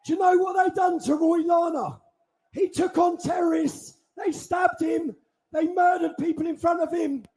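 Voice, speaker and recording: High, shouting rally speaker, a man. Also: steady tone, slight background noise. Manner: forceful, indignant, drawn-out delivery. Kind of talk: shouted speech to a crowd. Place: outdoor street rally.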